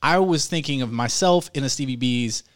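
A man's voice: mid-range voice, moderate pace. A man co-hosting a podcast in casual comedic chat, laid-back, laughing along and swearing in asides. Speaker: podcast co-host.

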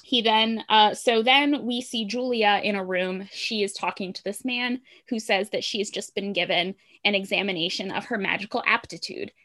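A woman at a middle pitch chats casually through a plot recap. She retells scenes in a loose, relaxed way, with lots of ums and likes. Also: normal speed, hardly any pauses. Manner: chatty, relaxed retelling with filler words. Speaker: podcast co-host recapping a show. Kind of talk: casual chat.

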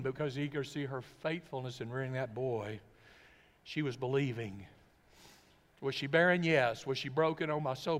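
Pastor, mężczyzna, głos dość wysoki, długi pogłos kościelnej sali, emfatyczne kazanie. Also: male voice, on the high side. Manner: emphatic, full of rhetorical questions. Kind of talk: sermon. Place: church sanctuary. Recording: long reverb of a church hall.

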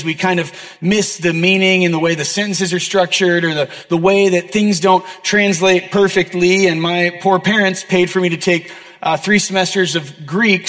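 A young pastor's strikingly high, somewhat bright voice carries through a large church auditorium, trailing long reverb. His sermon is sincere and conversational, dotted with jokes at his own expense.

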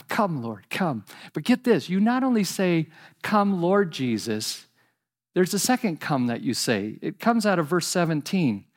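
A pastor preaching a sermon, earnest and animated, dropping to soft pleading repetitions. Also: male voice, sits high.

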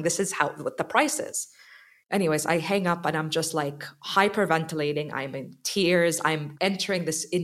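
A young adult woman telling a personal story in a casual chat, animated and acting out the quotes. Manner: animated, acts out quotes with rising pitch. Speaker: podcast guest.

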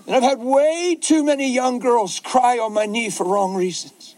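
A middle-aged male pastor preaching a sermon in an animated, folksy way, with asides to the crowd. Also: extremely high pitch, normal speed, hardly any pauses, rough recording.

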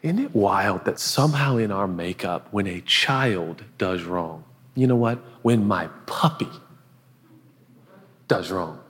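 A pastor preaching a sermon in an earnest, conversational way, now and then dropping to a hush. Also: male voice, sits low, expressive, takes it slowly, husky, big-room sound. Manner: earnest, conversational preaching with sudden hushed asides. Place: large auditorium.

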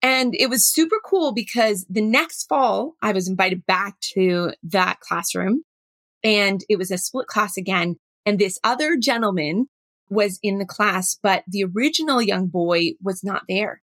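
A middle-aged woman, a workshop facilitator telling a story with animated, acted-out dialogue. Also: mid-range voice, measured pace, no room sound. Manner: animated, acts out dialogue in her stories. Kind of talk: storytelling talk.

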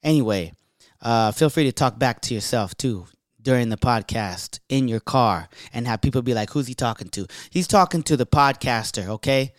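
A man's voice: medium pitch, expressive, moderate pace, no room sound, studio quality. A young adult man hosting a podcast, talking in an upbeat, hyped way and swearing freely. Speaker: podcast host. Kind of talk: casual podcast intro.

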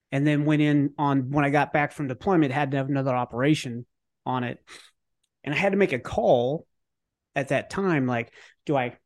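Male guest, slightly high voice, animated casual storyteller, drops a curse now and then. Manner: animated, acts out his own thoughts in quotes; casual, with fillers and occasional cursing. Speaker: podcast guest. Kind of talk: conversational storytelling.

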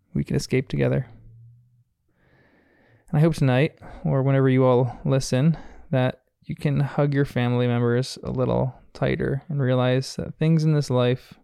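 An American man hosts a podcast and recaps a cartoon episode in an earnest, reflective manner, chuckling often. His smooth, resonant voice carries a gravelly edge. The close, dry recording has no room sound. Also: medium pitch, mellow, no room sound. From United States. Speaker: podcast host.

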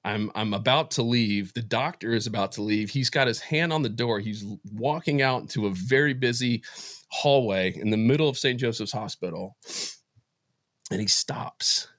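A man telling a personal faith story as an interview guest, emotional and halting, often restarting his sentences. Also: lowish voice, fairly bright tone, dry recording, clean studio sound. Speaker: podcast guest. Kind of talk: personal faith testimony in conversation.

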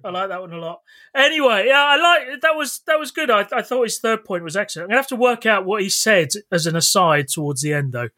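Host guy, bright voice, jumps all over in pitch, laughs lots. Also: quick pace, few pauses. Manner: laughs often, lively and playful. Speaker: podcast host. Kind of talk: casual chat.

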